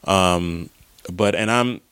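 A comedian telling a rambling, profane story about a stressful drive in casual monologue. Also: male voice, sits low, slow pace, clean tone, dry recording. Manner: profane, rambling, animated retelling.

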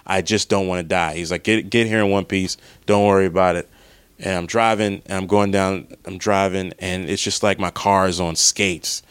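A comedian telling a rambling, profane story about a stressful drive in casual monologue. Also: male voice, sits low, normal speed, clean tone, no room sound. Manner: profane, rambling, animated retelling.

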